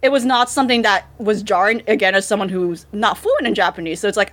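Another female co-host, an English native speaker, chats loosely about anime dubs with many fillers and restarts. Her medium-pitched voice is quick and a bit bright, with hardly any pauses.

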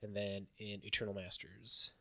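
Dry, low-voiced man chatting casually. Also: moderate pace, gravelly, dry recording. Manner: rambling, filler-heavy, animated when listing stats. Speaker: podcast co-host. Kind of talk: casual chat about card game results.

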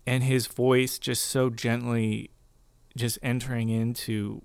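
A man, a marriage and family therapist, earnestly sharing his faith story in a casual conversation, reflective and soft-spoken. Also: medium pitch, little pitch movement, slow, creaky, clean tone, no room sound.

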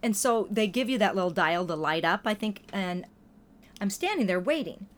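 A woman in casual conversation, telling stories in a lively way and acting out what people said. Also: medium pitch, moderate pace. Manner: lively storytelling, acts out quoted voices. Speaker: podcast guest or co-host. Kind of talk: casual chat.

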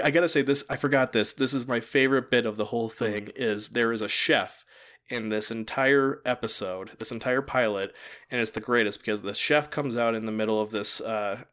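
A man's voice: medium pitch, fairly bright tone. Casual male host, mid-range voice, easygoing recap talk with frequent laughs. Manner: chatty, laughs often, acts out quoted lines. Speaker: podcast host recapping a TV pilot. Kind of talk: casual chat.

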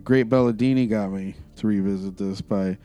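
A man chatting on a podcast in a somewhat low voice. He is laid-back, drops quick one-word wisecracks, and rambles through what he has been listening to. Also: steady tone, warm tone, faint music behind. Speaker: podcast co-host. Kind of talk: casual chat.

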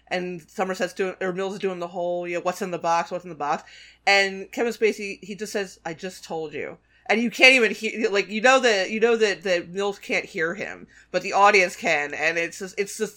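A man's voice: high-pitched, pushed and bright. A man co-hosting a podcast, talking casually and animatedly about a film, with many restarts and fillers. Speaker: podcast co-host.

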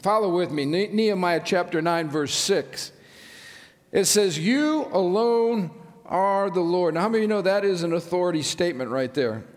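A man's voice: high-pitched, a little fast. A male pastor preaching a sermon with enthusiasm, using frequent "uh" fillers and asking the congregation questions. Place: large church sanctuary. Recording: long church-hall reverb.

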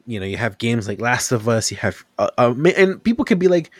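A man's voice: mid-range voice, brisk, breathy edge, no room sound. A young man in casual podcast chat, telling stories with animation and acting out what others said. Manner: animated storytelling, acts out quotes.

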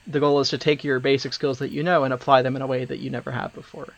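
A man co-hosting a casual podcast, speaking in an even, wry way with dry humor. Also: medium pitch, quick pace, vocal fry. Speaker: podcast co-host. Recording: dull, dry close mic.

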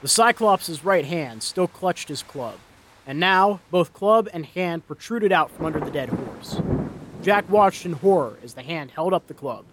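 A man reading a dark fantasy story aloud in a dramatic, expressive storytelling voice. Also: on the high side, unhurried, slight background noise. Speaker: narrator. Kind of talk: storybook narration.

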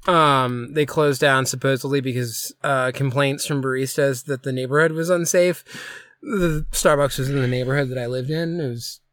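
A man co-hosting a casual podcast, talking haltingly about his old coffee shop job, with many fillers. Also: medium pitch, steady tone, a bit bright, dry recording, clean studio sound. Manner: rambling, hesitant, with many fillers. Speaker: podcast co-host; former coffee shop worker. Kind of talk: casual chat.

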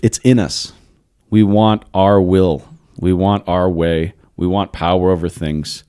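Male podcast host in his thirties, very deep voice, lively storyteller, casual chat. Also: unhurried, smooth. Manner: storytelling, animated, laughs often. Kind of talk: casual philosophical discussion.

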